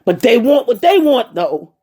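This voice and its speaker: A woman's voice: on the high side, big pitch swings, normal speed, warm tone, husky. A woman giving a heartfelt personal talk, speaking directly to her listeners and repeating her points with emphasis. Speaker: personal storyteller addressing viewers.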